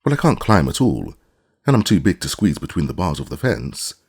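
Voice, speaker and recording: A boastful, good-natured beast brags about itself in a rough, gravelly voice, as a man voices it for an audiobook. The tone sits low and husky and swings widely as he boasts. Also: sing-song, brisk, darkish tone, heavily acted. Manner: proud, self-important bragging. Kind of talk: audiobook character reading.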